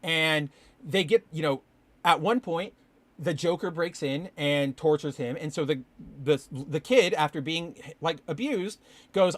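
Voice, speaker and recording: A man with a fairly high voice hosting a casual podcast, rambling and animated, swearing when excited. The sound is dry and close. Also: moderate pace, dry recording. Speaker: podcast host. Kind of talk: casual comic book commentary. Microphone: live stream with chat.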